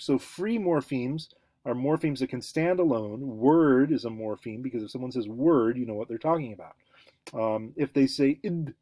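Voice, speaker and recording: A male lecturer with a middle-pitched voice talks through his material, pausing on fillers and restarting sentences. He sounds out example syllables aloud as he teaches. The recording is dry and close. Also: a little mellow, no room sound.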